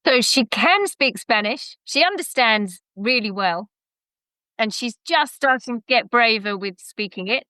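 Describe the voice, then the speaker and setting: A woman's voice: fairly high pitch, expressive, measured pace, bright, forceful tone, dry recording. A middle-aged woman with a London accent, a podcast guest who talks in a chatty, reflective way with frequent restarts. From England. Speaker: guest, education center founder. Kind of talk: casual podcast interview.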